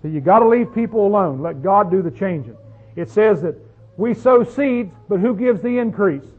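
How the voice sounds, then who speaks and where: A man's voice: high voice, expressive, moderate pace, slightly rough. A man preaching a sermon as pastor, folksy and conversational, often asking the congregation questions. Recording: tinny phone-like sound.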